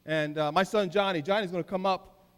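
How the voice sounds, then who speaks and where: A middle-aged man preaching a keynote sermon, emphatic, swinging between loud declarations and soft asides. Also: high voice, fairly even intonation, fairly quick. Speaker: keynote speaker. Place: large hall. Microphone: handheld mic. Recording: live in a reverberant hall.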